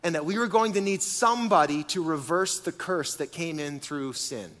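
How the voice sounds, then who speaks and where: A man preaching a sermon to a congregation, animated and full of rhetorical questions. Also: fairly high pitch, moderate pace. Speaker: pastor. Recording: long hall reverb.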